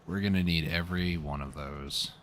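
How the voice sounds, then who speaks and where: A man's voice: low voice, normal speed, a bit bright, faint music behind. A man hosting a co-op gameplay session, chatting casually in a laid-back, teasing way. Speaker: let's play host.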